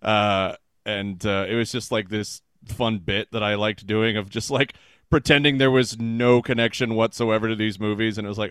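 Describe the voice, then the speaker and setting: A man guesting on a podcast, ranting in animated, jokey, profane banter. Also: fairly low pitch, moderate pace, clear, resonant tone, no room sound, studio quality. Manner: animated, swears often, jokey rants.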